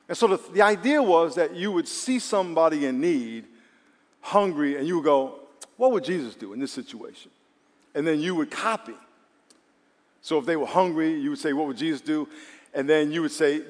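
A male preacher giving a sermon, animated and acting out quoted voices. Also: a little high, brisk. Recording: long reverb of a hall.

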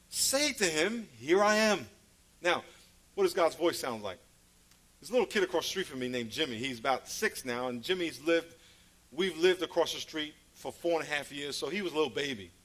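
Male preacher, high voice, playful storyteller, swings from loud to hushed. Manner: storytelling, playful, laughs at his own stories; sudden loud calls and drops to a hush. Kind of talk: sermon.

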